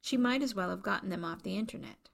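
A woman reading a novel aloud as an audiobook narrator, in even, measured storytelling. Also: medium pitch, creaky. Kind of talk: scripted narration.

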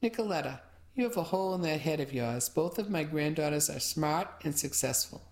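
A woman's voice: deep voice, lively intonation, brisk, a little mellow. A woman voicing a stern elderly grandmother who scolds firmly. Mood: scolding. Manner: scolding, firm.

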